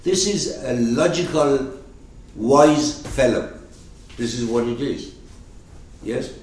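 A man's voice: medium pitch, takes it slowly, darkish tone. A man teaching a text in an informal lecture, explaining emphatically and acting out quoted lines, recorded from a distance. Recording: echoey room, mic far off, faint noise.

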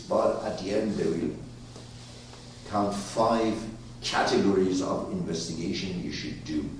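A man whose first language is Persian lectures a class, his fairly low voice emphatic and animated as it swings from loud to hushed. He's recorded from a distance in an echoey room with slight background noise.

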